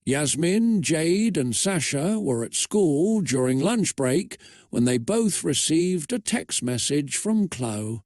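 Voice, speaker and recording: A man reads a fan story aloud in a flat, steady voice. He speaks slowly and his voice sits a bit high for a man. The sound is close and dry. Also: no room sound. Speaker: narrator.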